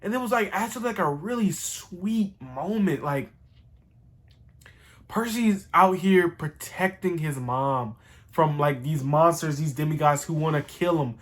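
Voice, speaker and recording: A man with a notably high voice for his sex rambles through a casual recap. He sounds animated and excitable and swears freely as he talks. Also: unhurried. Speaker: show host reviewing a TV series.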